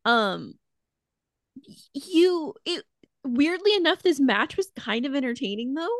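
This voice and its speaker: Gravelly excitable woman podcast co-host. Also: sits high, a little slow, dry recording, clean studio sound. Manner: excitable, swears freely, gushing. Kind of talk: casual chat.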